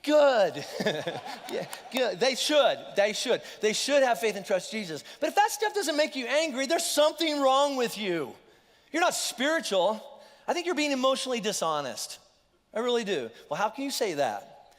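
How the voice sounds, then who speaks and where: A man preaching a sermon as pastor, animated and conversational, with lively asides to the congregation. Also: very high voice, moderate pace. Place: church auditorium. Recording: long hall reverb.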